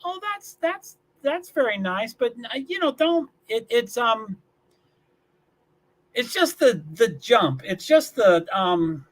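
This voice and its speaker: Broadcasting from his small one-bedroom apartment, a Louisville, Kentucky man with a very high voice takes his time and swings widely in pitch. He rambles through a casual livestream, reading out chat messages, repeating himself, and frequently chuckling.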